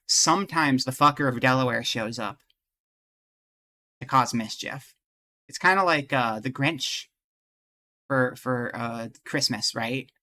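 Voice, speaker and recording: A man's voice: medium pitch, bright, forceful tone. A man streaming live, chatting casually with his viewers, rambling and joking as he thinks aloud and greets people from chat.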